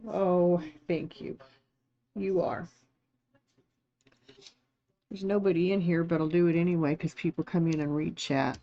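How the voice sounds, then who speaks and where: A woman's voice: lowish voice, flat delivery, unhurried, pauses often, muffled recording. A woman chatting casually with viewers on a live stream while crafting, thanking them and reading chat. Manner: chatty, thanks viewers warmly, gets emotional and teary. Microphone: streaming setup, not phone.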